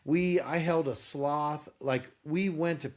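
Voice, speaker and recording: A man's voice: fairly high pitch, takes it slowly. A man telling a personal story in an interview, acting out the voices of people in it. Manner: animated, acts out quoted dialogue. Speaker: guest, company founder.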